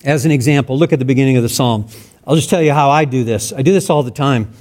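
A man's voice: medium pitch, fast talker, darkish tone. A man preaching a sermon in an earnest, conversational way, acting out sample prayers in his own words. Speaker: pastor.

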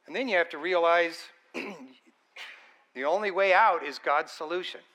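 High bright-voiced male preacher. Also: a little slow. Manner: conversational, earnest, emphatic. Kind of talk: sermon.

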